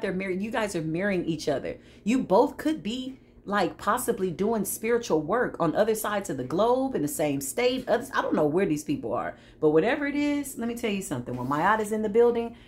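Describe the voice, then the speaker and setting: A woman's voice: medium pitch, big pitch swings, fairly quick, few pauses, darkish tone. A woman giving a tarot reading to her viewers, sassy and preachy, with frequent laughs and asides. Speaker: tarot reader. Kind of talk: spiritual tarot reading monologue.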